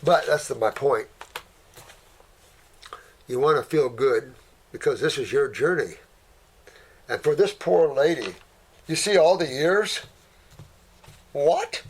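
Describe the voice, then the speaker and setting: This older naturopath has an animated, high-ish voice and speaks slowly, pausing often, with a little hiss or hum on the recording. In casual Q&A commentary for viewers, he rambles folksily, calls people honey and sweetheart, and trails off searching for words.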